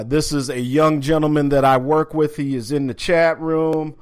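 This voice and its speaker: A man hosting a sports talk podcast from an office, talking casually with plenty of fillers and restarts. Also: fairly high pitch. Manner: laid-back, chatty, many fillers and restarts. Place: home office.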